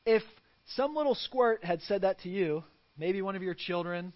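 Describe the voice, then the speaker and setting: Earnest higher-voiced male preacher. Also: expressive, moderate pace, muffled recording. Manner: earnest preaching with rhetorical questions. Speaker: pastor. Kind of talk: sermon.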